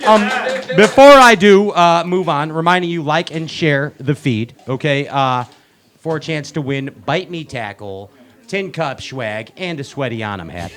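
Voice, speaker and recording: A man's voice: a little high, animated, measured pace, a bit bright. A man hosting a live show from a bar, joking with guests and announcing like a hype man. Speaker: show host. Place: bar venue with live audience.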